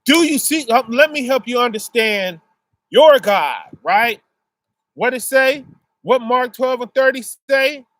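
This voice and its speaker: This preacher's voice is very high-pitched, expressive, unhurried and slightly bright, with no room sound at all. He delivers a casual sermon, explaining things through ordinary family examples and tacking "right?" onto nearly every phrase.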